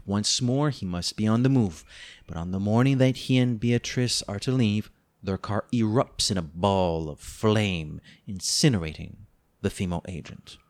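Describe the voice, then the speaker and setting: A man co-hosting a book-review podcast, reading a plot summary with playful, teasing, mock-dramatic asides. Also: on the low side. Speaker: podcast co-host.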